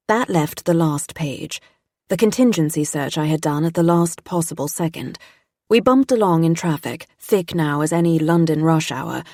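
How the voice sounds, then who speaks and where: A woman reading a mystery audiobook in a tense, steady first-person narration. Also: low voice, no echo, studio quality.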